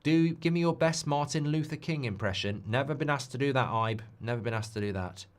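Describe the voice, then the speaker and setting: On his live football watchalong stream, a man talks a little quickly in a mid-range voice. The chat is loose and improvised, and he answers requests from his viewers.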